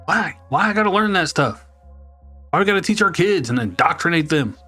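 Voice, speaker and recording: A man's voice: fairly high pitch, animated, fairly quick, bright, forceful tone, soft background music, pitched above the performer's own voice. A man voicing a mocking caricature of an indignant man questioning school lessons, in an exaggerated Southern accent.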